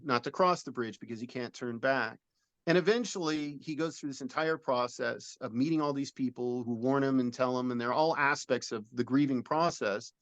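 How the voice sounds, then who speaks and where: A middle-aged man in an interview tells a story at length, earnest and rambling. His pitch sits at an ordinary middle level. The sound is dry and close, with no room around it. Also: no echo, muffled recording. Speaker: film director and producer. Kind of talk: interview, describing a film idea.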